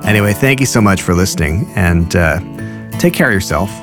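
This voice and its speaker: A man's voice: sits low, animated, a little fast. A man in his forties hosting a podcast, rambling and self-deprecating, cheering on his guest and reading an ad in casual chat, with music underneath. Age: 40s. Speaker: podcast host.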